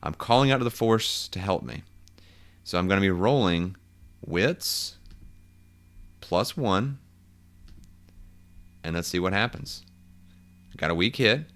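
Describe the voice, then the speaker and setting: A man's voice: deep voice, animated, slow, long pauses, a bit bright. A man narrating a solo tabletop role-playing game, thinking aloud and correcting himself as he goes.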